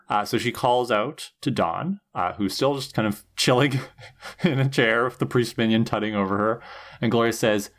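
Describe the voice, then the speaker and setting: A man co-hosts a casual recap podcast, walking through an episode scene by scene. He slips in and out of the characters' lines with jumps in pitch and loudness. His voice sits in an ordinary middle register. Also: normal speed. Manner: animated retelling, acting out character lines. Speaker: podcast co-host.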